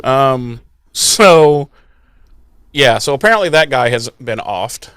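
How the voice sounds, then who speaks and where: A man's voice: mid-range voice, slow pace, smooth, no room sound, studio quality. A man co-hosting a podcast, recapping an episode in casual, jokey, profane chat. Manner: animated, jokey, profane, puts on silly voices. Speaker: podcast co-host.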